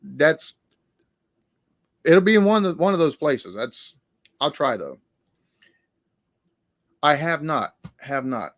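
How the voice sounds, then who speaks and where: A man's voice: a little high, expressive, takes it slowly, pauses often, a bit bright, no room sound. A man hosting a casual live-stream Q&A, talking in a rambling, hesitant way with many restarts.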